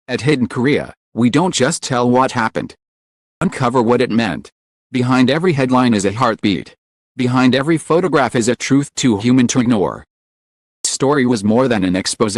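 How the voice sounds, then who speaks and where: Man narrating with a swooping, lively pitch. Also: no echo, studio quality. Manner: solemn, lingering emotional phrasing. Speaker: channel narrator. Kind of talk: scripted dramatic narration.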